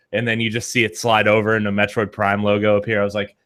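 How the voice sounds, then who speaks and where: Low-ish male stream co-host, excitable rambler, casual gaming chat. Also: fast talker, hardly any pauses. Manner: excitable, gushing, rambling with many "like"s. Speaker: co-host of a live watch stream.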